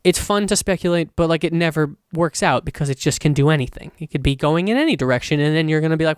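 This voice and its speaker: A man hosts a solo podcast in a loose, rambling way, swearing often and getting worked up as he talks. His voice sits a bit high and comes across smooth and clear. The close mic gives a dry sound with almost no room. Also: fast talker, few pauses, no echo. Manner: rambling, profane, excitable. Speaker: podcast host.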